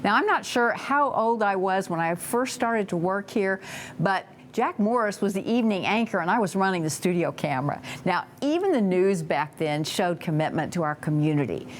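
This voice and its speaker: A woman's voice: medium pitch, slight background noise. A woman, a former camera operator turned county commissioner, speaking in a proud, conversational way. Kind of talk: scripted on-camera remarks and casual chat.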